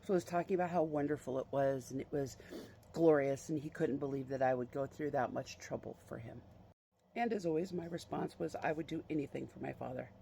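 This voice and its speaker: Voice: mid-range voice, a little fast, gravelly, warm tone, a little hiss or hum. Brief: a casual vlogger, chatty and fond, with a mid-range voice. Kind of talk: casual storytelling.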